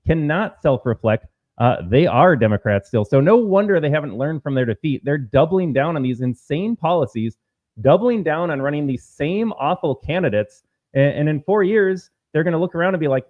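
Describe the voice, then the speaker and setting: A man hosting a political commentary show, talking in a combative, sarcastic way and mocking opponents with put-on quotes. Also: medium pitch. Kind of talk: opinion commentary. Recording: phone-like narrow sound.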